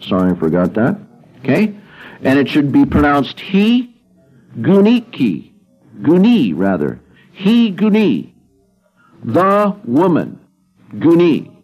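A man's voice: mid-range voice, lo-fi sound. A man teaching Greek grammar in a classroom lecture, patiently repeating words and checking in with "okay?". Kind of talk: classroom lecture walking through a worksheet.

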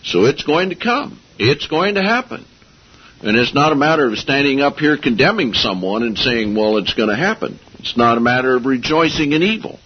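A man's voice: mid-range voice, expressive, moderate pace, husky. A man preaching a sermon, talking casually with sarcasm and rising into emphatic outbursts. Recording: dull lo-fi audio.

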